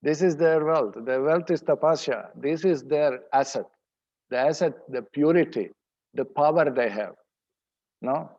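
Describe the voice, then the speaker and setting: Mellow-voiced man teaching scripture. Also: fairly high pitch, muffled recording. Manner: explanatory, pauses to translate word by word. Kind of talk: scripture study seminar.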